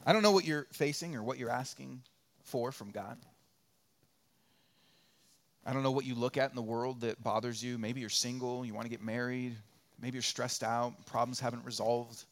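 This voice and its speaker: A man preaching a sermon as pastor, repeating phrases for rhythm and dropping from loud peaks to quiet asides. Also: mid-range voice, fairly even intonation, normal speed, pauses often. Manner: conversational and joking, acts out little quoted voices.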